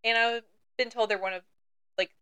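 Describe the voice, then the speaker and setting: A woman's voice: on the high side, fairly even intonation, normal speed, pushed and bright, smooth, no room sound. A young woman co-hosting a book podcast, chatty and joking, laughing often. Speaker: podcast co-host. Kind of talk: casual chat about books.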